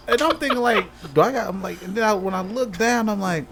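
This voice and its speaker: A man co-hosting a casual podcast, telling a story in lively fashion and acting out every quote with "I'm like". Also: high voice, a little fast, creaky. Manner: animated storyteller, acts out quotes with many "I'm like". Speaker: podcast co-host. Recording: faint background noise, live stream audio.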